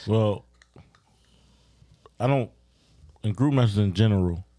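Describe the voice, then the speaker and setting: A man's voice: fairly low pitch, takes it slowly, mellow, no room sound. A man co-hosting a casual podcast, talking in a laid-back, rambling way with some swearing. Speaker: podcast co-host. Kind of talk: casual chat.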